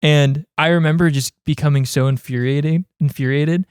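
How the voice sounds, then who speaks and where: A man's voice: on the high side, fairly even intonation, normal speed, clean tone, no echo, clean studio sound. A man co-hosting a podcast, chatty and recounting anecdotes in casual conversation. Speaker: podcast co-host.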